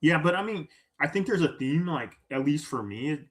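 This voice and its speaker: A man as a podcast guest, telling a story in a casual, animated way, acting out quoted lines and often tagging "right?". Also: on the high side, moderate pace.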